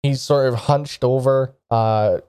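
A man's voice: medium pitch, steady tone, slow, warm tone, clean tone, dry recording, clean studio sound. A man narrating a tabletop game as game master, describing scenes casually with frequent fillers.

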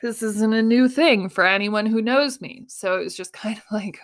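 A woman's voice: fairly high pitch, animated, a little slow, hardly any pauses. A woman in her thirties telling a personal story in casual chat, laughing often and acting out the voices of people she quotes. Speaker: podcast host.

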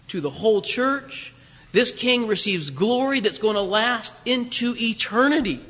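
A man with a high, bright voice preaching a sermon. He talks emphatically, repeating phrases for stress and slowing down to read scripture. His voice rings through a long hall reverb.

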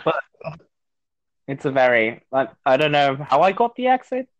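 A man's voice: mid-range voice, very animated, moderate pace, dull audio. A man from Mexico with a British-sounding accent, a guest on a casual gaming chat, speaking in a dry and hesitant way. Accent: British-sounding English.

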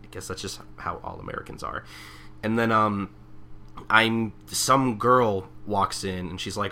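A man's voice: lowish voice, a little slow. A man co-hosting a podcast, recapping a manga chapter in a rambling, casual way with lots of fillers. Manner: rambling, many fillers, lively. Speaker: podcast co-host.

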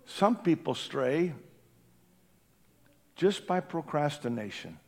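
A man preaching a sermon in a church, impassioned, swinging from hushed tones to shouting. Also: mid-range voice, animated, moderate pace. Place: church building during a service.

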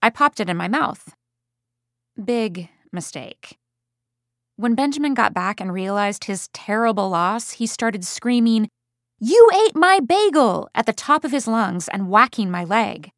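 A woman's voice: medium pitch, measured pace, fairly bright tone, no room sound, clean studio sound. A woman reading a first-person parenting story in a chatty, wry way. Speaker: audiobook reader of a parent's story.

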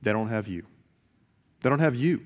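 A man's voice: medium pitch, animated, moderate pace. A man preaching a sermon in an earnest way, often repeating key phrases for emphasis. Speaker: pastor.

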